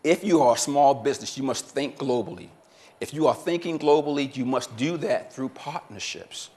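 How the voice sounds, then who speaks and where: A man's voice: mid-range voice, moderate pace, warm tone. A man giving a motivational seminar talk as keynote speaker, quizzing the audience and repeating their answers back to them. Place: conference room with a live audience.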